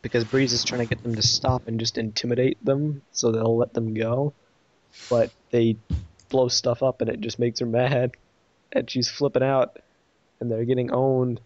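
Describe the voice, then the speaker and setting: A man's voice: medium pitch, little pitch movement, moderate pace, dry recording. A rambling young man reviewer, dry, dull sound. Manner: rambling retelling with quoted lines. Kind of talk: casual review chat.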